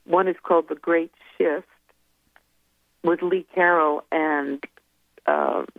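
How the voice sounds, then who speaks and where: A woman's voice: low voice, steady tone, takes it slowly, gravelly, no echo. A woman guest author speaking casually in an interview, rambling and hesitant as she recalls things. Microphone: telephone. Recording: tinny phone line.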